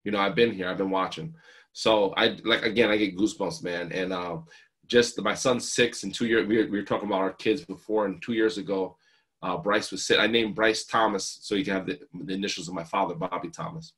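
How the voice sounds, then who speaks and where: A man's voice: low voice, fairly even intonation, brisk, a bit bright. A man in his thirties from New Jersey, a guest speaker telling heartfelt, earnest stories about family. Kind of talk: emotional storytelling.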